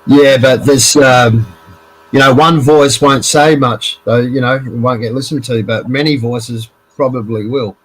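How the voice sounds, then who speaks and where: A man's voice: mid-range voice, fairly even intonation, a little slow, fairly bright tone, slightly rough, low-quality recording. Rambling sweary man. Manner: rambling, sweary, repeats himself. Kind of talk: casual chat.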